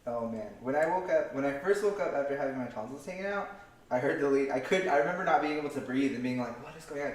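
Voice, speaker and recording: A laid-back young man tells wry stories in casual chat as a guest on a cooking show. His voice sits at a middling pitch and rings around a very echoey kitchen. It is picked up from some distance away. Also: expressive, fast. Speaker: guest cook. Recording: echoey kitchen, mic far off.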